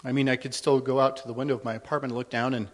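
A man's voice: mid-range voice, flat delivery, very fast. A middle-aged man sharing a personal testimony with a congregation in a church, speaking conversationally and a little nervously. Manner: conversational and a little nervous, with many ums and restarts. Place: church hall. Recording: long hall reverb.

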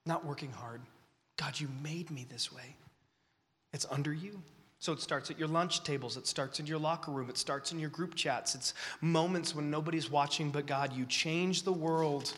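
A man preaching to a young crowd with great passion, dropping to whispers and rising to shouts, while fighting the flu. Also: a little high, moderate pace. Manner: impassioned, swinging from whispers to shouts. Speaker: speaker at a youth gathering. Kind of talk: sermon. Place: large hall. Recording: long reverb of a large hall.

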